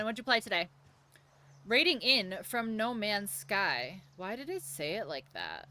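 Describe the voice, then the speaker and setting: Lively chatty woman streamer. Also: mid-range voice, measured pace. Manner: chatty, rambling, jokey, swears casually. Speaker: variety game streamer. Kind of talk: casual live-stream commentary. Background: game music.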